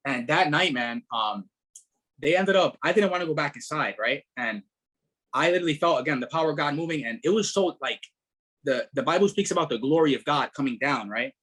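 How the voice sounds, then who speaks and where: A middle-aged man, a podcast guest telling his story in a casual, animated way, repeating words and leaning on fillers. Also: fairly high pitch, brisk, breathy edge. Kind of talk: casual testimony.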